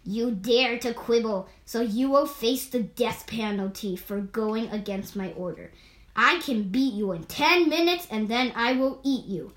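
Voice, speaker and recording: A woman reads a fierce, bossy male tiger from a storybook, issuing commands and threats. The voice sits fairly high for a growling king. It sounds roomy and echoey. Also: animated, a little slow, fairly bright tone. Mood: threatening. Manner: demanding, threatening.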